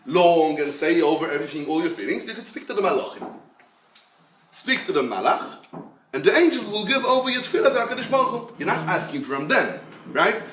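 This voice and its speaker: A man, a rabbi giving a Torah lecture in English, his language being Hebrew, with an emphatic, animated storytelling manner. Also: sits high. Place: lecture room. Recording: roomy echo, mic at a distance.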